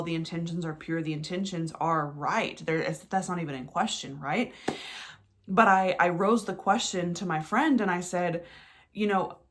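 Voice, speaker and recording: A woman's voice: on the low side, a little hiss or hum. A young adult woman hosting a podcast, talking in a blunt, candid monologue, swearing freely and often restarting her sentences. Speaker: podcast host.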